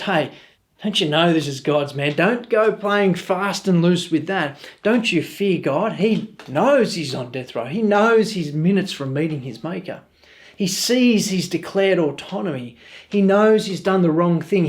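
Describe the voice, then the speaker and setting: A man's voice: high-pitched, lively intonation, a little slow. A middle-aged man with an Australian accent, preaching a sermon in an earnest, storytelling way. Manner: earnest, storytelling with quoted voices. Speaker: pastor.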